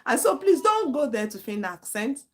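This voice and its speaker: A woman's voice: sits high, big pitch swings, moderate pace. A woman in her thirties gives a live online lesson. Her manner is earnest and direct, and she repeats warnings to drive them home. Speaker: IELTS tutor.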